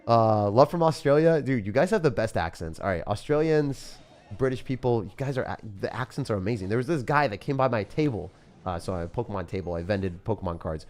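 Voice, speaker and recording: A man's voice: on the low side, animated, a little fast, darkish tone. Laid-back young man chatting on stream. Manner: chatty and laid-back, says dude and bro, laughs often. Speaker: game streamer. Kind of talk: casual live-stream chat.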